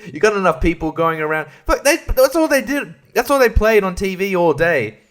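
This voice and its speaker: A man hosting a solo podcast, ranting in a casual, profane and irreverent way. He often laughs mid-sentence, and his voice sits somewhat high for a man. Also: very animated, moderate pace, a bit bright. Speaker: podcast host.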